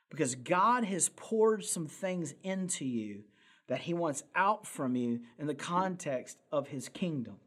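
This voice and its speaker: A man preaching a sermon as pastor, earnest and emphatic, repeating key phrases and asking the congregation rhetorical questions. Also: a little high.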